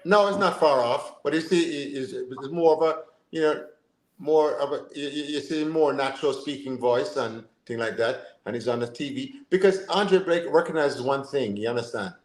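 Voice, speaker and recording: A man, co-hosting a casual football podcast in an animated, rambling way. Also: medium pitch, normal speed. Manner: animated, rambling, full of fillers and asides. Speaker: podcast co-host. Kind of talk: casual chat. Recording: roomy echo.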